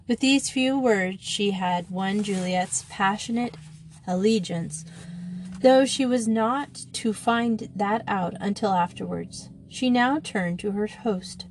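A woman narrating a children's novel in a steady, measured reading. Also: medium pitch, slight background noise. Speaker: audiobook narrator. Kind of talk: scripted narration.

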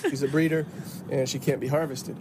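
A man explaining lobster fishing in a brisk, informative way, recorded for a video. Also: medium pitch, level tone. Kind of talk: video narration. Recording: outdoor video clip with traffic noise. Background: outdoor traffic noise.

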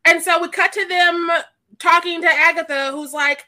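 Bright high-voiced woman, animated. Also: normal speed. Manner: animated, laughing, acts out quotes. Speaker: podcast co-host. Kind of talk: casual chat.

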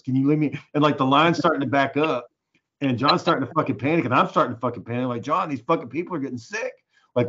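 This man has a medium-pitched voice with a breathy edge. He swears often while animatedly telling a story in casual conversation, performing the voices of its characters, captured on a dull lo-fi recording.

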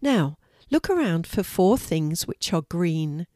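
A woman voicing a kind young girl who guides calmly and patiently. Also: on the low side, slow, no room sound, studio quality. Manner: calm and instructive.

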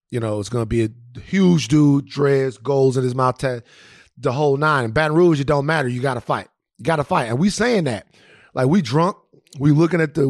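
A man from Louisiana co-hosting a podcast and telling a story in casual, profane, animated chat with many restarts. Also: mid-range voice, dry recording, studio quality. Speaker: podcast co-host.

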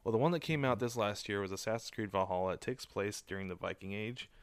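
A man in his thirties co-hosting a casual podcast, an animated storyteller who drops his voice to quote people. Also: on the low side, quick pace, clean tone, no echo. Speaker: podcast co-host. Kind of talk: casual chat.

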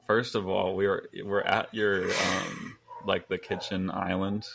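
A young man in his twenties with a low, gravelly voice that rumbles with vocal fry. He tells rambling stories in a relaxed chat, chuckling through them. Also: a little slow, background noise. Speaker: podcast guest. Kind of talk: casual storytelling chat.

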